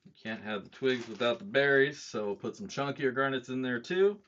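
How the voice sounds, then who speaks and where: A man's voice: mid-range voice, animated, a little fast, fairly bright tone. A man hosting a casual livestream, talking in a profane, self-mocking way and chuckling at his own jokes. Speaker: livestream host. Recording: dull lo-fi stream audio, faint noise.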